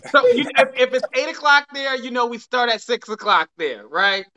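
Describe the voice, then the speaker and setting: A man's voice: extremely high pitch, expressive, normal speed, bright, forceful tone, clean tone, dull audio. A man hosting a live dating show, chatty and upbeat, losing his voice near the end of the night. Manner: chatty and upbeat, with frequent restarts. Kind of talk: casual live-stream chat.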